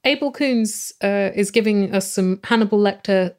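An English woman co-hosting a podcast, recapping a TV show in casual, animated chat. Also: medium pitch, normal speed. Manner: chatty, giggly, animated storytelling. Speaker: podcast co-host.

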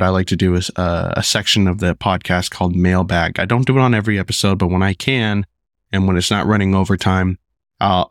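A man hosting his own podcast, talking casually with lots of fillers and restarts while sick and rough-voiced. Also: low voice, no echo, clean studio sound. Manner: rambling, many fillers and restarts. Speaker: podcast host. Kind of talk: casual solo podcast talk.

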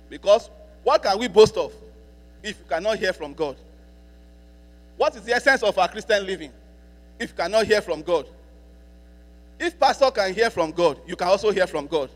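A man preaching a sermon as a pastor, repeating key lines for emphasis and slowing down to read scripture. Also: high voice. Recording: long hall reverb with mains hum.

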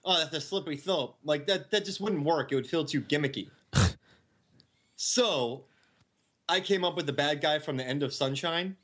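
A man chatting casually as a podcast co-host, joking and acting out quick impressions. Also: on the high side, a bit bright. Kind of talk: casual chat. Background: other men talking and laughing.

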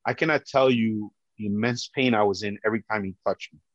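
A man, a police officer, telling his own story as personal testimony in an earnest, halting way with many restarts. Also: on the low side, fairly even intonation, dry recording. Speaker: police officer recounting a rescue. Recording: dull lo-fi dry sound.

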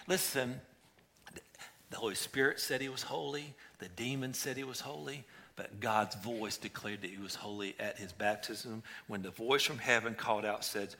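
A man preaching a sermon, reading scripture aloud and moving between hushed whispers and intense, raised passages. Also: mid-range voice, moderate pace. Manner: dynamic preaching, dropping to a whisper then rising to intense cries. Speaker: pastor.

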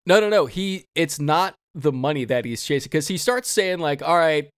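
A man's voice: on the high side, expressive, moderate pace, clear, resonant tone, dry recording, studio quality. A man co-hosting a casual podcast, talking through a movie, swearing and acting out characters' lines. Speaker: podcast co-host.

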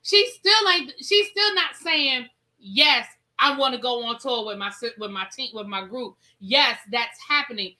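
Sassy lady host going off on a clip, super bright punchy voice, drags out her repeats. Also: a little high, expressive, poor audio. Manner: sassy, emphatic, drawn-out repetitions. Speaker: show host. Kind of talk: casual commentary.

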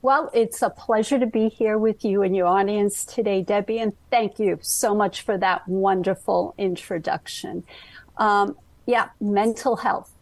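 A woman with a Brooklyn accent, a guest author telling her life story in an interview, slow and halting with many ums. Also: medium pitch, steady tone, no room sound, rough recording. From Brooklyn, New York. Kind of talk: interview conversation.

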